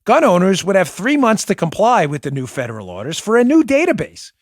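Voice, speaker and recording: A man's voice: high-pitched, huge pitch swings, a little fast, no echo, studio quality. A man hosting a political talk show, giving emphatic, sarcastic commentary and urging listeners to act.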